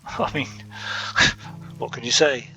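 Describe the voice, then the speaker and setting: A man's voice: mid-range voice, steady tone, very slow, gravelly, bright, forceful tone, a little hiss or hum, rough recording. A man hosting a casual gaming video, chatting and joking over his gameplay through a console app mic. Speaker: gaming channel host. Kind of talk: casual game commentary. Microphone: console app chat mic.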